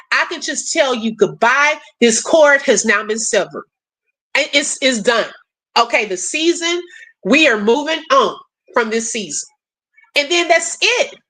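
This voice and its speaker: A woman hosts a casual live chat with her viewers, reading their messages aloud and answering warmly with prayers and blessings. Her voice sits high and sounds bright and forceful, and her delivery is animated and emotional, with frequent laughter. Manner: animated, laughs often, calls viewers sis and y'all. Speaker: livestream host.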